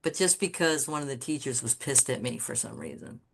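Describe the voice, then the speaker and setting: A woman guest on a podcast, telling candid stories about her design career in a blunt, swearing, animated way. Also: extremely low pitch, brisk, creaky, slight background noise. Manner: animated storyteller who acts out quoted people. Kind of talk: casual storytelling interview.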